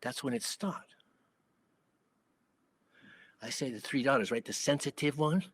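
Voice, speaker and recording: An older man with a Hawaiian Pidgin accent, telling a first-person story in an animated, conversational way. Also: medium pitch, measured pace, slightly rough, no room sound. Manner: animated, conversational, dramatic swings in loudness.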